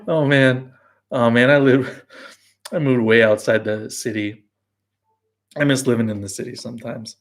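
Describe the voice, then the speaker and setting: A man's voice: mid-range voice, fairly even intonation, normal speed, pauses often. Rambling self-mocking man on a live stream. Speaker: beer blog host. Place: home brew house.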